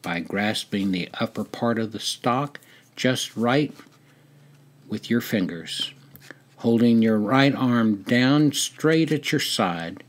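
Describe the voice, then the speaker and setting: An older man reading his own memoir aloud in a measured, deliberate storytelling manner. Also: lowish voice. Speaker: memoir narrator.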